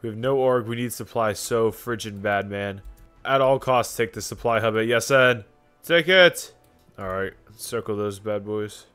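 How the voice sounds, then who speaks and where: A young man commentating his own strategy game in a casual, joking way, often breaking into sudden shouts. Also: on the low side, normal speed, smooth. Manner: excitable, jokey, sudden shouts. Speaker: gaming YouTuber. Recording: faint music behind.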